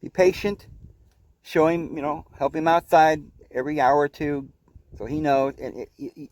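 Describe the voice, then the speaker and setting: Earnest preachy man, fairly high voice. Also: fairly even intonation, darkish tone, no echo. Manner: earnest, preachy, halting with repeated words. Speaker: podcast host. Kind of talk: spiritual teaching monologue.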